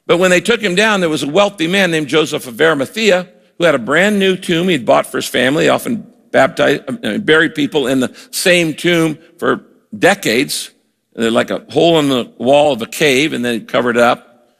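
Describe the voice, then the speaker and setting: Preaching a sermon earnestly and emphatically, an older male pastor acts out the lines he quotes. His gravelly voice is fairly high for a man, a bit bright, and at normal speed, ringing with long reverb from a large church hall.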